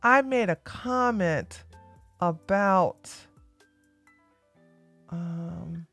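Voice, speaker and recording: A woman hosting a casual livestream, blunt and emphatic as she lectures her viewers. Her voice sits a little high and the sound is dry and close. Quiet music plays behind her. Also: animated, moderate pace, no echo. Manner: talks straight to viewers, swings from loud to quiet. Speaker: livestream host.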